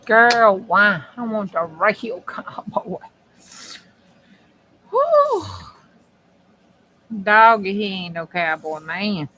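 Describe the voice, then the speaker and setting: Slow-talking folksy woman crafting. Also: medium pitch, bright, forceful tone, a little hiss or hum, low-quality recording. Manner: folksy, chatty, talks to herself and viewers while working. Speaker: crafting channel host. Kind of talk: casual chat while crafting.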